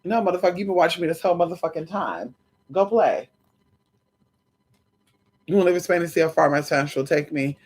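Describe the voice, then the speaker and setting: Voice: medium pitch, fairly quick, pauses often, slightly rough. A livestream host chatting casually with viewers, sassy and profane, calling them honey and girl, and slipping into quoted voices. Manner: animated, breaks into quoted voices.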